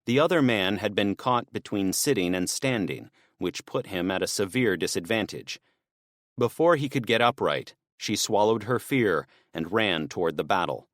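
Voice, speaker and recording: Here a man of fairly low pitch reads scripted audiobook narration, keeping an even, measured delivery. The recording is dry, with clean studio sound.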